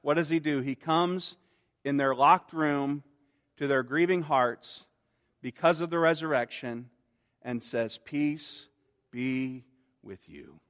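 A man delivers an earnest sermon in a fairly high voice. He eases soft and slow on quoted words. The sound carries a long reverb, as in a large church hall. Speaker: pastor.

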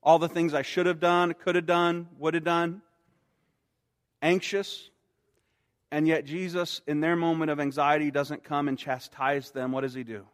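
A man preaching a sermon in an earnest way, growing soft and slow on quoted words. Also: a little high, little pitch movement, big-room sound. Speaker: pastor.

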